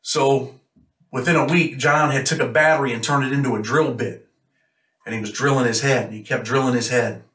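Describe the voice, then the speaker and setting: A brisk, mid-range male voice, slightly bright and fairly even in intonation, belongs to a former prisoner from Rochester, New York. He narrates a story casually, in a blunt, matter-of-fact manner. The recording sounds roomy and echoey, the mic somewhat far away.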